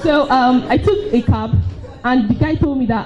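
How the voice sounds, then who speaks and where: A young Nigerian woman with a fairly high voice tells a personal story, lively and quick to laugh, acting out her own lines. The sound is dull and lo-fi. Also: faint music behind. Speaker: storyteller at a live event. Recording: dull lo-fi live recording.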